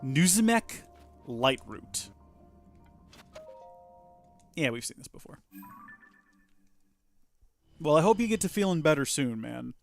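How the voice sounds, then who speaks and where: A man's voice: on the high side, sing-song, slow pace, creaky, long pauses, soft background music. A man streaming a video game, chatting casually and playfully to himself and his viewers. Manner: playful, talks to himself and the game, jokey asides. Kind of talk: casual let's play commentary.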